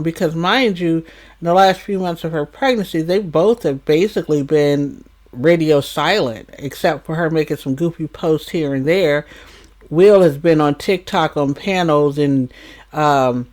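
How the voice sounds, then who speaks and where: A reaction channel host recapping a story in a measured way, with frequent fillers like um and uh. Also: mid-range voice. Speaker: reaction commentator. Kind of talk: reaction commentary.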